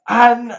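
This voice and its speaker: In a muffled recording, a man with a very high-pitched voice and vocal fry rambles casually as a vlogger. He keeps stumbling and restarting, swears freely, and often laughs at himself in a wry way.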